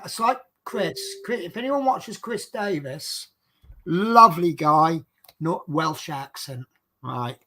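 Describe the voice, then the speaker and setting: Norfolk man hosting a chat, high gravelly voice, rambling and self-mocking. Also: bright, forceful tone. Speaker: podcast host. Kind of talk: casual chat.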